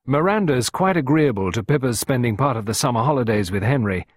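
A man voicing a smooth, insolent man in a storybook reading, talking in a brusque, mocking way. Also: mid-range voice, expressive, a little fast, no room sound, clean studio sound, voice pushed up, close to an everyday voice.

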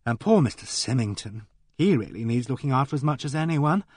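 A man's voice: medium pitch, animated, fairly quick, a little mellow, husky, no echo, clean studio sound. A male reader voicing a kindly young woman who chatters earnestly and fusses over others. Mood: doubtful.

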